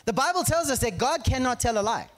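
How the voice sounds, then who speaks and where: A man's voice: extremely high pitch, fast talker, big-room sound. A man preaching a conversational sermon full of anecdotes, often checking in with his audience. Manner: animated, constantly checks in with the audience.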